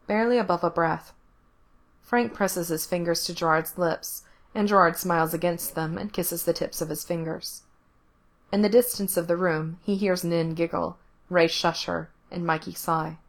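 A woman reading an intimate story aloud, in a soft, unhurried narration that often drops to a hush. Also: on the low side. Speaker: reader. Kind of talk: scripted narration of explicit fan fiction.

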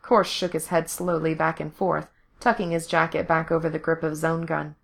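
A woman narrating fan fiction aloud in an even, steady reading voice. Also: low-pitched, moderate pace, creaky.

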